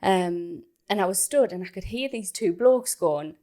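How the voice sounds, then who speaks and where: A woman co-hosting a podcast, telling a story in a casual, animated way and acting out other people's lines. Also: lowish voice, unhurried. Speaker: podcast co-host.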